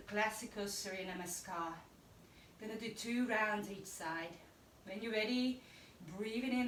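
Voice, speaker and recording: A woman yoga instructor calmly guiding a class through breath and poses with encouraging cues. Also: on the high side, slight background noise. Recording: echoey room, voice from a distance.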